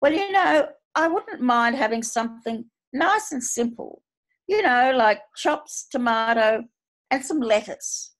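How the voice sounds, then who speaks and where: Australian woman doing a cranky older wife, high-pitched, sugary then crude, broad Australian. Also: animated, normal speed. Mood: sweet. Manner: syrupy, then complaining and swearing.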